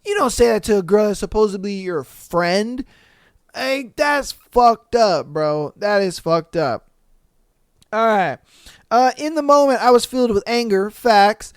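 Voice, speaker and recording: Man, podcast host, reads listener stories, profane mock-outraged reactions, smooth voice, dry close mic. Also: sits high, lively intonation, measured pace, no room sound.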